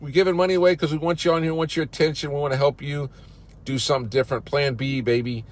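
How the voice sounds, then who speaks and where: A man's voice: mid-range voice, lively intonation, fast, slight background noise. A company CEO, a man, giving a fired-up, salesy pep talk on a live social-media broadcast, outdoors in a park.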